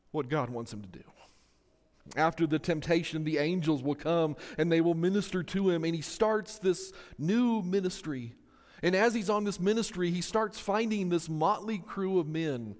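A man preaching a sermon in an animated storytelling manner, often stringing his sentences together with repeated "and.". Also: high voice, big-room sound.

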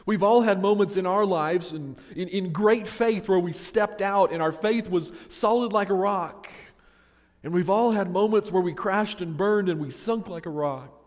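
Guy preaching, chatty and asking questions, kinda high voice, big reverb like a church hall. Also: normal speed. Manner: conversational preaching with rhetorical questions. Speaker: pastor. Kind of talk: sermon.

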